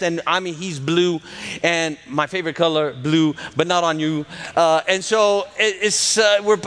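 A high-pitched man in his thirties, a cardiologist appearing as a guest speaker at a church, delivers an excitable testimony sermon. He acts out bits of dialogue and laughs in the middle of sentences.

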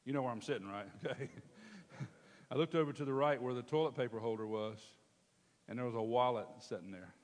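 A man preaching a storytelling sermon, animated and calling out to his congregation. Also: medium pitch, fairly quick. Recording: long hall reverb.

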